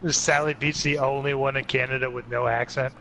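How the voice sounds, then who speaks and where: A Californian man ribbing his friends on a podcast, loose and profane, stretching his words with fillers. His mid-range voice sits over a clear layer of background noise. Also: medium pitch, flat delivery. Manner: teasing, profane, drawn-out fillers. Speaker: podcast co-host. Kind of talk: casual banter.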